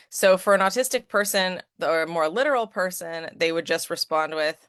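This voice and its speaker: A woman's voice: mid-range voice, normal speed, few pauses, a bit bright, no echo, studio quality. A woman who is an advocate and educator giving a conversational presentation, often checking in with "right?". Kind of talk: presentation talk with slides.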